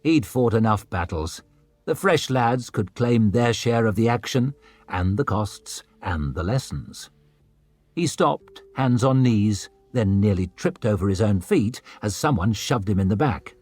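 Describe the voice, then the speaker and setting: A man's voice: lowish voice, lively intonation, measured pace, a little mellow, no echo. A man narrating a fantasy audiobook in a dramatic storytelling manner. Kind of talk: scripted narration.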